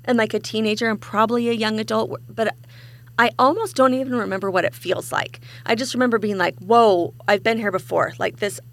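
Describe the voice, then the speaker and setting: A woman in her forties chats as a podcast co-host. Her voice has a strong gravelly fry, and she tells everyday stories with animation. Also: on the high side, steady tone, quick pace, fairly bright tone. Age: 40s. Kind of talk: casual chat.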